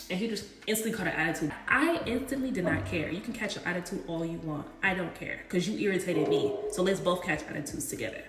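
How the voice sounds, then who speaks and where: A young woman chatting casually as a vlogger, retelling a story in an animated, slangy way. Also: lowish voice, fast. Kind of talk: casual storytime while getting ready. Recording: roomy echo with faint music.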